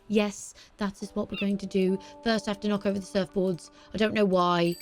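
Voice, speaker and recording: A woman casually chatting through a cozy video game, gushing excitedly over a pet dog. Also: medium pitch, normal speed, faint music behind. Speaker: gaming YouTuber. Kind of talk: casual let's-play commentary.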